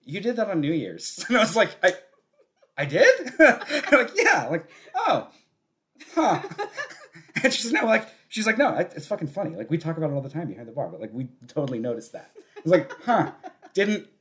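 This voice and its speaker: A man's voice: a little high, big pitch swings, very fast, fairly bright tone. A man co-hosting a podcast, telling a long, rambling story in casual chat, often laughing and restarting his sentences. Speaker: podcast co-host.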